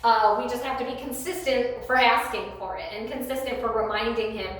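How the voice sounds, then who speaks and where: A woman training a dog, talking through the lesson in a chatty, coaxing way, her voice getting a little hoarse. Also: on the high side, fairly even intonation, fairly quick. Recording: very echoey room.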